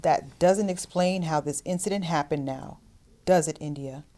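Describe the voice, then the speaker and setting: A man voicing a cold, calculating woman hospital executive who hides icy calm under syrupy, fake sympathy. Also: fairly high pitch, moderate pace, noisy background, voice pushed up, close to an everyday voice. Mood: menacing.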